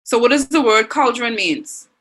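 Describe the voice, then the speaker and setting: Bahamian woman teacher, bright voice. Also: on the high side, lively intonation, normal speed. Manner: encouraging, reads out students' chat answers. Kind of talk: online class lesson.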